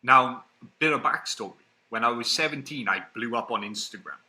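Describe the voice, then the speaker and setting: Young guy in his twenties on a podcast, super bright tense voice, tells stories and does everyone's lines. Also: medium pitch, a little fast, low-quality recording. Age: early 20s. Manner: animated, acts out other people's lines. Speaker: podcast guest. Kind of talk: casual storytelling interview.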